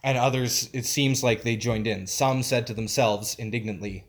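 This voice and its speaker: A man preaching a conversational sermon as pastor, informal and emphatic, often pausing to search for his words. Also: mid-range voice.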